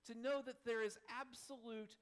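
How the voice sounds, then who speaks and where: A middle-aged man preaching a sermon as pastor, animated, swinging between loud emphasis and soft asides with chuckles. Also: very high-pitched, normal speed, smooth.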